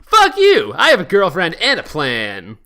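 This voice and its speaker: A man voicing an excitable male cartoon hedgehog, shouting in a giddy, over-the-top way. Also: fairly high pitch, normal speed. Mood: frantic.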